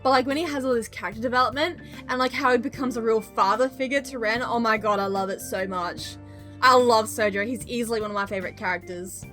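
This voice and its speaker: A young woman live-streaming a game, chatting loudly and excitedly with her viewers. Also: a little high, fast, soft background music. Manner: excitable, loud, bursts into squeals greeting chat. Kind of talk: casual live-stream chat while gaming.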